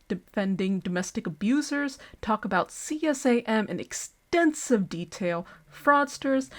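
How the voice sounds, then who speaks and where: Scathing, profane woman on a rant. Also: mid-range voice. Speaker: online commentator. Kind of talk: commentary rant addressed to other creators.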